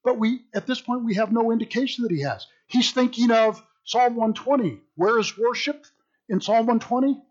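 A man teaching a Bible study in a lively, sardonic way, mixing read passages with his own wry asides. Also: very high voice, moderate pace. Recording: dull lo-fi recording.

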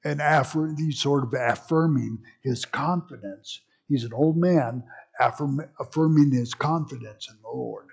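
A man's voice: mid-range voice, measured pace, vocal fry, husky. A man leading a Bible study in a folksy, rambling way, with joking asides.

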